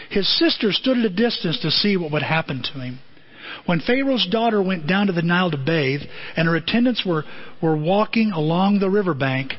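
A middle-aged male pastor preaching a sermon in a conversational way, with many rhetorical questions. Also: high-pitched. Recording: dull lo-fi audio.

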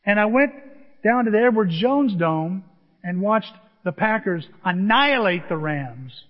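A man in his sixties delivers a sermon as a lively, emotional personal story. His voice sits high for a man. The recording is a little muffled, with a long echo from a large hall. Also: measured pace. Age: 60s. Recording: echoey hall, dull lo-fi sound.

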